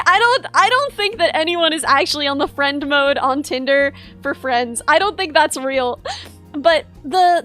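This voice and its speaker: A woman's voice: high-pitched, sharp tone. A young woman streamer telling a wry story in casual chat, full of "like" and restarts. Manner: chatty, wry, lots of "like" and restarts.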